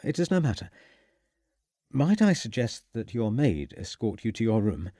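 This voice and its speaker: A man playing a courteous, measured detective. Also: fairly low pitch, sing-song, warm tone, no echo, clean studio sound. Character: calm, courteous Victorian detective.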